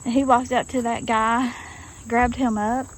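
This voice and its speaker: Her voice a little high and her delivery flat and unhurried, a woman from Arkansas tells viewers a story in a drawling, folksy manner, calling them y'all. The rough recording was captured outdoors in rural woods, where crickets, insects and faint outdoor noise can be heard.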